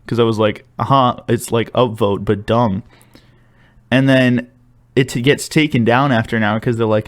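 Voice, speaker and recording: A man's voice: mid-range voice, fairly even intonation, normal speed. Laughing, rambling young man. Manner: rambling, laughs often, stumbles and restarts. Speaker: podcast co-host. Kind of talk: casual chat.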